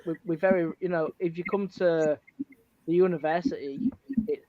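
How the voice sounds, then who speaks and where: A man's voice: on the high side, steady tone, moderate pace, phone-quality sound, a little hiss or hum. A man with a Hull accent who drops his H's, a chatty storyteller who is a guest on the show. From Hull, England. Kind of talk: casual chat.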